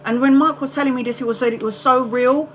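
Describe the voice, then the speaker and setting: A woman's voice: sits high, fairly even intonation, fast talker, fairly bright tone, slight background noise, poor audio. A middle-aged woman hosting a tarot livestream, telling a story to her viewers in a candid, chatty way and swearing casually. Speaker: tarot reader livestream host.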